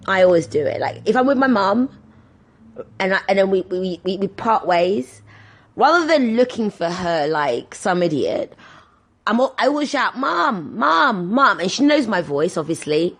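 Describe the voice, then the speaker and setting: A woman in her thirties hosting a podcast, telling casual stories and acting out the people in them. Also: mid-range voice. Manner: animated, acts out voices in her anecdotes. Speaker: podcast host. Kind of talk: casual storytelling monologue.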